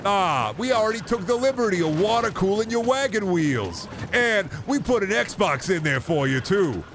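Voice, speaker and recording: A man's voice: sits high, big pitch swings, normal speed, background noise, voice pushed up. A man voicing a cheerful, pushy figure in a raised put-on voice. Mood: smug cheerful. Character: smug salesman-like modernizer, cheerfully pushy.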